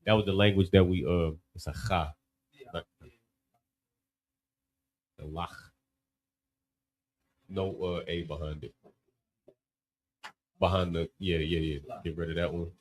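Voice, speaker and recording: A man leads a relaxed class. His voice sits fairly low. He talks loosely and keeps checking in with his listeners. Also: a little slow, long pauses, a little hiss or hum, low-quality recording. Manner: loose and conversational, many "you know what I mean" asides. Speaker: class teacher. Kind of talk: casual classroom teaching.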